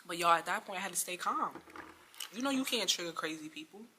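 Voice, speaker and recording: Young woman, bright voice, exasperated storytime vlog, slangy, faint hiss behind. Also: lowish voice, lively intonation, fairly quick. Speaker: vlogger.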